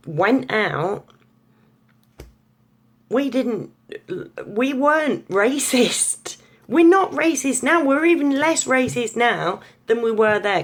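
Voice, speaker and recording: A woman's voice: mid-range voice, slightly rough. An English woman in a blunt, sweary, chatty opinion rant to camera. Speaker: vlogger.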